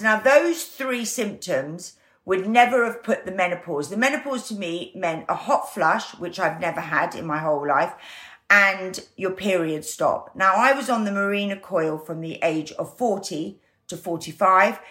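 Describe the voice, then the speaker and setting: Animated woman in her fifties. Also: fairly low pitch, moderate pace. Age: 50s. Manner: animated, acts out quoted voices. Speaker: guest. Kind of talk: candid conversational storytelling.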